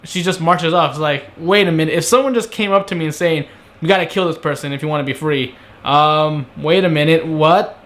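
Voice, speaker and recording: A young man with a slightly high voice talks through a TV episode in a loose, conversational review. He keeps breaking into quick impressions of the characters' lines before snapping back to his own take. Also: fairly bright tone. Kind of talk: casual solo review.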